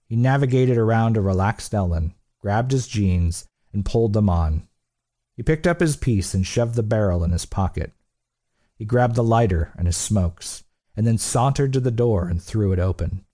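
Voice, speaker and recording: A man narrating an audiobook in a steady, blunt, profane delivery. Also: on the low side, normal speed. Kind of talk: scripted narration.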